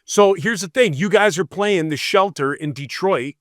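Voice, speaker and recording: A man's voice: sits high, normal speed, fairly bright tone, no room sound, clean studio sound. A man, a police officer, casually telling a rambling story on a podcast and acting out the people in it. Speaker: podcast co-host.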